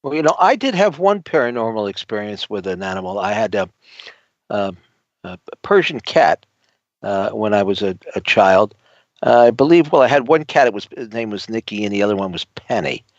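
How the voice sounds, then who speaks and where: A talk-show co-host speaks in a halting way, pausing often with fillers between words. The sound is dry, with no room around the voice, and dull, like lo-fi audio. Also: male voice, fairly low pitch, expressive, no room sound. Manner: hesitant, halting, many uh's. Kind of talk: casual talk-show chat.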